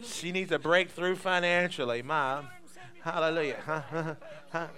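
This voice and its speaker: A man's voice: fairly high pitch, fairly even intonation, moderate pace, sharp tone. A male preacher, leading a sermon with call-and-response and bursts of praise. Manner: exuberant call-and-response, breaks into laughter and tongues.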